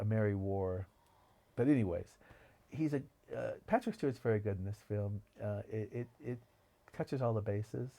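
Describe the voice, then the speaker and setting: Gravelly low-voiced man chatting enthusiastically. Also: warm tone. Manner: enthusiastic, digressive storytelling. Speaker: podcast co-host. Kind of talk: casual film discussion.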